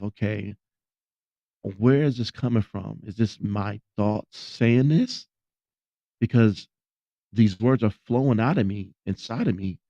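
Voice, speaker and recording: A man's voice: lowish voice, creaky, a little mellow, dry recording, muffled recording. A man hosting a podcast, sharing a personal testimony in an earnest, repetitive storytelling manner. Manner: earnest storytelling, repeats phrases. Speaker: podcast host.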